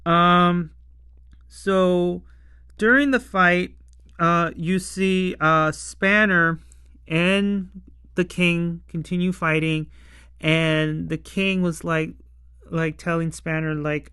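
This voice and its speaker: A relaxed reviewer who takes their time, speaking in a smooth, even voice and padding every thought with "like." They drift from point to point and break into frequent laughter. The sound is close and dry, with no room around it. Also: medium pitch, slow, no room sound. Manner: rambling, heavy on "like", laughs often. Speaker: episode reviewer. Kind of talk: casual spoken review.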